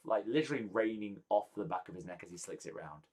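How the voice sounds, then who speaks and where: Low-ish guy dm'ing a tabletop game, super casual, lots of ums. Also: expressive, fast, darkish tone. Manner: casual, filler-heavy narration. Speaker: game master.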